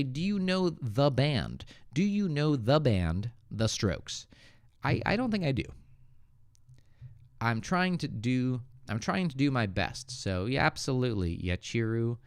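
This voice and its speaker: Lively, joking English teacher man. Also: mid-range voice, gravelly, smooth, no echo, clean studio sound. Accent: American English. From Northeastern United States. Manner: relaxed, joking, reads viewer comments aloud and corrects them. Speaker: English teacher hosting a livestream. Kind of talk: live Q&A English lesson. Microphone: good studio microphone.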